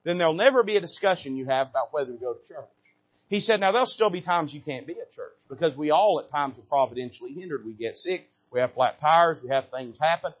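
A man preaching a sermon from a church pulpit, folksy and repetitive, building to shouts and then dropping low. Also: lively intonation, fast. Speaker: pastor. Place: church sanctuary.

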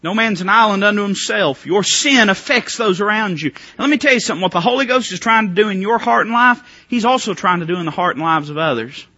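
A male preacher with a high, sharp voice and a husky edge delivers a sermon in fervent, stop-start bursts. He swings from quiet, low passages to loud ones. The recording is dry and sounds dull and lo-fi. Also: fast talker, hardly any pauses, no echo. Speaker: pastor.

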